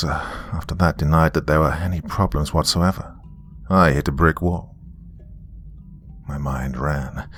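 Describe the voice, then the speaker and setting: A man telling a first-person story in a measured, descriptive way. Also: sits low, a little hiss or hum.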